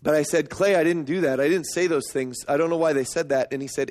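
A middle-aged man preaching a sermon, emphatic and storytelling, swinging up to excited peaks. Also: fast talker. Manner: storytelling, emphatic, rising to high excited pitch. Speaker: pastor.

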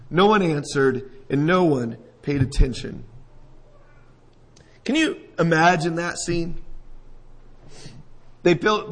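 High-voiced man preaching a sermon. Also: low-quality recording. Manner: storytelling, asks listeners questions, acts out scenes. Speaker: pastor.

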